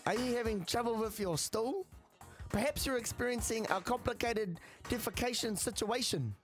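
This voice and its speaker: A man putting on an over-the-top TV ad announcer voice, booming and hammy. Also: normal speed, soft background music. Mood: hammy pitch. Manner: booming, hammy sales pitch.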